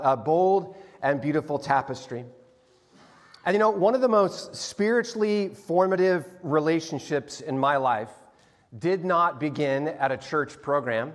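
Middle-aged pastor guy, kinda high voice, storytelling sermon, big echoey church hall. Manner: storytelling, animated when acting out scenes. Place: church sanctuary. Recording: long hall reverb.

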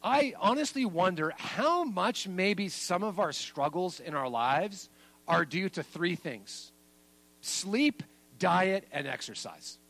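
A man preaching a sermon as pastor, making points with lively emphasis. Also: takes it slowly, low-quality recording. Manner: lively and emphatic, then soft and low at the close.

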